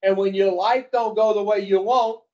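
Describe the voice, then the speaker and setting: Blunt high-voiced man teaching a group. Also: steady tone, normal speed, a little mellow. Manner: folksy, blunt, swears, quizzes the audience. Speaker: recovery group speaker. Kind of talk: casual teaching talk to a group. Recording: dull lo-fi recording.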